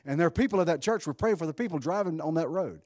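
A man preaching a sermon in an animated, conversational way, swinging between loud bursts and hushed asides while joking with his congregation. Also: a little high, rapid-fire, no echo, clean studio sound. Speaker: pastor.

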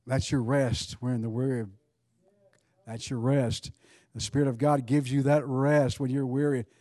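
A man's voice: medium pitch, no echo. A male pastor preaching a sermon, asking rhetorical questions and leading altar prayer. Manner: rises to fervent, louder prayer.

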